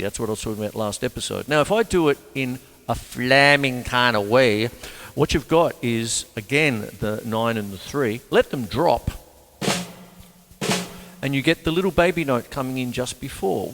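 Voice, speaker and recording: An older man teaching drums in a casual, rambling, jokey way, talking between demonstrations. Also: mid-range voice. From Australia. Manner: rambling, jokey, talks between drum demos. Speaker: drum teacher. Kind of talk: casual drum lesson. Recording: reverberant room with drum kit.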